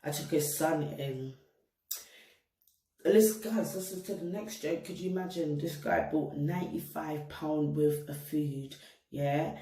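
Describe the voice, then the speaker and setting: A young woman laced talks straight to her viewers, animated and full of street talk as she tells her story. Her voice is mellow and warm, recorded in an echoey room a little way from the mic. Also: low-pitched, measured pace, recorded from a distance. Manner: animated, slangy, addresses viewers directly. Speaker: vlogger. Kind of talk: casual storytime monologue. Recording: roomy echo, set back from mic.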